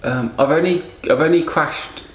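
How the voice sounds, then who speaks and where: A man's voice: on the high side, moderate pace, roomy sound. A man co-hosting a podcast, swearing freely and teasing his co-host in casual chat.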